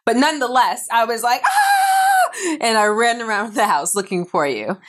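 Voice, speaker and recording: A woman's voice: on the high side, lively intonation, fairly quick, a bit bright. A woman co-hosting a casual couple's podcast, playful and teasing, often breaking into laughter. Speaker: podcast co-host.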